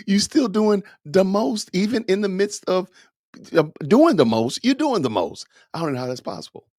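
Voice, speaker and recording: A man's voice: fairly high pitch, a little mellow, dry recording, studio quality. Emphatic man lecturing. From Atlanta, USA. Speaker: podcast host. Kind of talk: opinionated podcast commentary.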